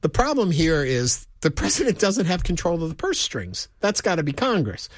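A man's voice: a little high, very animated, moderate pace, dry recording, studio quality. A man co-hosting a call-in talk radio show, thinking aloud and inviting listeners to call.

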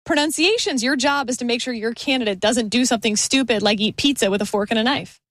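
A woman political commentator with a slightly high voice tells wry anecdotes at a quick clip. She is recorded close and dry. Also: fairly bright tone, no room sound. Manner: brisk and wry, telling anecdotes. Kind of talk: casual political talk.

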